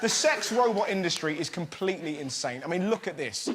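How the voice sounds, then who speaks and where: A man's voice: sits high, lively intonation, a little fast. A British man doing stand-up comedy as host, brash and mocking, before a live studio audience. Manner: brash, mocking, puts on silly voices. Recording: loud crowd and room noise.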